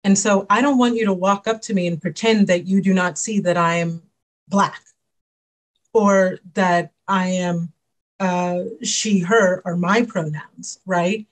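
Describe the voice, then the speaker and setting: Measured woman panelist speaking thoughtfully. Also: lowish voice, fairly even intonation. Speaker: panelist, consultant. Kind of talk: panel discussion.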